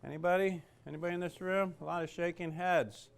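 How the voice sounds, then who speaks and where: A man's voice: high-pitched, fairly even intonation, fast talker, vocal fry, clean tone. A man teaching a cooking class in a kitchen, chatty and joking, with lots of fillers. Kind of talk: casual cooking demonstration.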